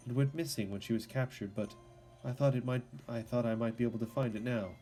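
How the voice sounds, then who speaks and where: A man's voice: mid-range voice, steady tone, fast, dark tone, natural voice, low-quality recording. A man voicing an earnest male knight on a quest, reading his lines plainly from a video game. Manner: plain reading, tries a French accent then drops it.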